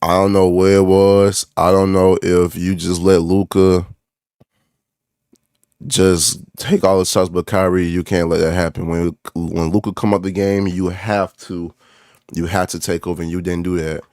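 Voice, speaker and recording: A young man rants as a basketball fan, repeating himself and calling out players by name with a steady stream of "bro". His voice sits fairly low, and the recording is dry, with little room sound. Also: measured pace, clear, resonant tone, dry recording. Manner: frustrated, repetitive, calls out players by name, says "bro" a lot. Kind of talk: ranting sports reaction vlog.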